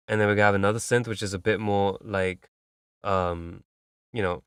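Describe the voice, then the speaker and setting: A man's voice: on the low side, steady tone, moderate pace, fairly bright tone, clean tone, dry recording, clean studio sound. A man giving loose, instructive mixing feedback on a track, humming beats and using plenty of fillers. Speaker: music feedback streamer. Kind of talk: casual mixing advice.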